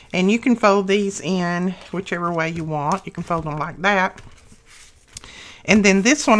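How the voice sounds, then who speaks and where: A woman's voice: on the low side, fairly bright tone. A woman hosting a casual craft tutorial, talking through each step in a chatty, homely way with small asides.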